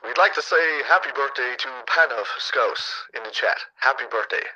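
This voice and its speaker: A man's voice: medium pitch, animated, normal speed, bright, forceful tone, lo-fi sound. A man playing a formal stadium tannoy announcer in a mock public-address voice. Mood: announcing.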